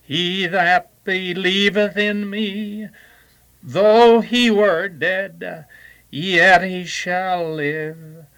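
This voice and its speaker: A man's voice: high voice, steady tone, extremely slow, fairly bright tone, clean tone, exaggerated voice, low-quality recording. A man playing a Quaker minister, intoning scripture in a solemn sing-song chant. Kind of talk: intoned preaching.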